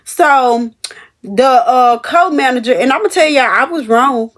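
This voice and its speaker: A young woman telling a story about her cashier job to her viewers, animated and emphatic. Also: high-pitched, unhurried. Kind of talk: casual storytelling to camera.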